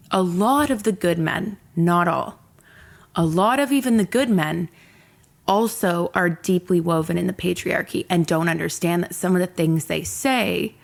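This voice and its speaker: A woman's voice: fairly low pitch, creaky. A young woman hosting a podcast, telling a personal story candidly and emotionally, swearing freely. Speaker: podcast host.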